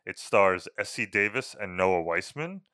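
Young male co-host, smooth resonant voice, easy laugh, casual facts-and-banter delivery. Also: on the low side, expressive, a little slow, bright, forceful tone, no room sound. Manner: chatty, reads out film facts, laughs easily. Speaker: podcast co-host. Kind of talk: casual podcast chat. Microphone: podcast microphone.

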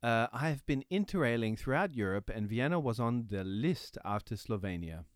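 Animated Australian podcast co-host. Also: male voice, medium pitch, normal speed, no echo, studio quality. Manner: laughing, teasing. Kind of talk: casual podcast chat.

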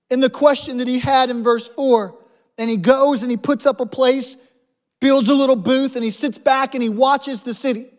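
High-pitched male pastor, chatty sermon style with jokes thrown in. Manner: humorous, conversational preaching with asides.

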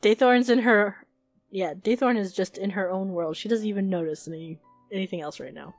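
A woman player describing her character in a tabletop game in a soft, casual way. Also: mid-range voice, normal speed, no echo, faint music behind.

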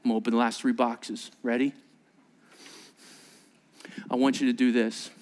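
A middle-aged man preaching a sermon as pastor, telling stories with voiced quotes and dropping to a hushed near-whisper for emphasis. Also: medium pitch, moderate pace. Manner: animated storytelling with voiced quotes and asides.

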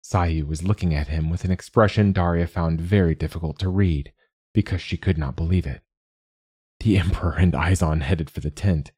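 A man reading an audiobook in measured, even narration. His voice is very deep and husky. The sound is close and dry. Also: no echo. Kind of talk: scripted narration.

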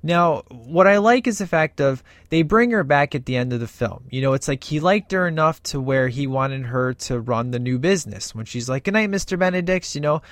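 A man's voice: mid-range voice, moderate pace, few pauses. A man in casual commentary, talking with loose, rambling enthusiasm and slipping into quoted lines as he goes. His voice sits in a middle register. The recording is dry and close, with no room echo. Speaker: movie reviewer.

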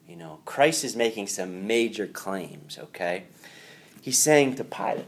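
A man's voice: lowish voice, lively intonation, measured pace. A man teaching a Catholic Bible class to a room of students, talking in a conversational way with rhetorical questions.

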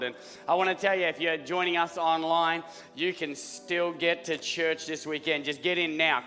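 A man preaching as lead pastor, his voice rough and hoarse, rallying the congregation and clearing his throat often. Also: a little high, sharp tone. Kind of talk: sermon. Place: church auditorium. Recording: hall reverb with faint music.

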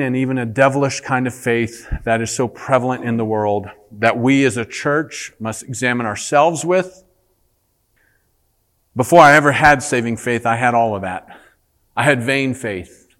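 Homem pastor pregando com fervor. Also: male voice, mid-range voice. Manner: earnest preaching, rising for emphasis, animated storytelling. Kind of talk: sermon. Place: church.

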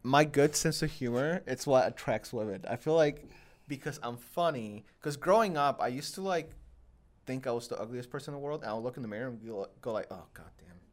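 A man's voice: medium pitch, a little fast. A young man hosting a podcast, telling long self-deprecating stories in casual chat, full of fillers. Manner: rambling, self-deprecating storytelling with many fillers. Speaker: podcast host.

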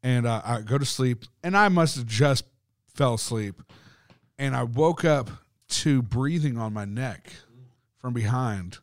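A man's voice: medium pitch, lively intonation, measured pace, no room sound, clean studio sound. A man co-hosting a podcast, telling a ghost story in casual chat, swearing often and rambling with lots of fillers. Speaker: podcast co-host.

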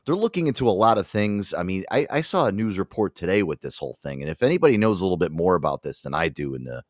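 A man's voice: sits low, quick pace, no echo, studio quality. A man with a New York accent hosting a casual podcast chat, swearing freely and laughing often. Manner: profane, animated, laughs often. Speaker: podcast host.

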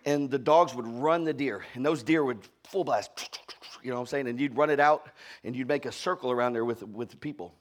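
A male pastor from Florida with a Southern accent, preaching a sermon. He calls out to the congregation and moves from shouted peaks to quiet, low storytelling. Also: fairly quick. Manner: call-and-response, often asking "are y'all with me".

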